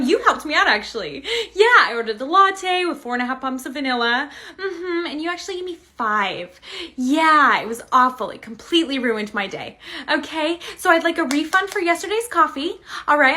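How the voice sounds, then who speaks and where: A woman's voice: high-pitched, bright, forceful tone. A woman acting a whiny, demanding entitled customer in a comedy skit, fake-sweet as she insists on a refund.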